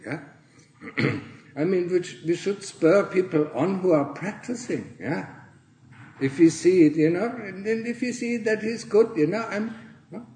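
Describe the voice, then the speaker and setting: A man, a Buddhist monk, giving a Dharma talk to fellow monastics in a monastery, earnestly tagging nearly every phrase with "yeah?" or "huh?" and often clearing his throat. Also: high voice, darkish tone, reverberant, slight background noise, low-quality recording. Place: monastery in Thailand.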